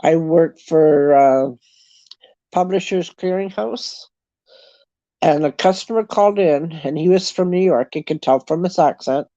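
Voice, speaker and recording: A woman's voice: sits low, unhurried, dark tone, no echo. Canadian woman, middle-aged, casual livestream host, dry close sound, slightly dull. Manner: chatty storytelling, laughs often. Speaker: livestream host chatting with viewers. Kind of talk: casual chat.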